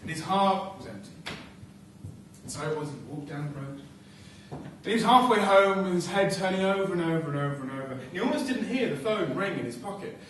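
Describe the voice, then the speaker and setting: A man tells a story live on a theatre stage, rhythmic and repetitive, often sinking to a hush. His voice sits high and moves over a wide range. The sound is distant and echoes through the hall, with faint room noise. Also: lively intonation, fairly quick. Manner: rhythmic and repetitive, dropping to hushed tones.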